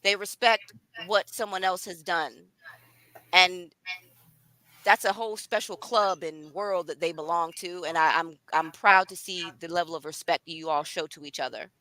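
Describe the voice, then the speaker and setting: Bright, chatty woman hosting a live read. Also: lowish voice, steady tone, normal speed, dry recording, rough recording. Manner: chatty, enthusiastic, addresses viewers directly. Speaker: author and live-stream host. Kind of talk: lively live-stream chat.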